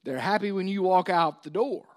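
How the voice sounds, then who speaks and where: A male pastor preaching a sermon, swinging between loud emphasis and hushed asides. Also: high-pitched, moderate pace.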